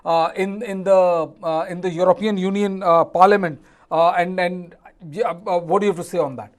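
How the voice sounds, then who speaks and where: A man hosting a TV news discussion, halting with many fillers. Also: sits high, fairly even intonation. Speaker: news anchor.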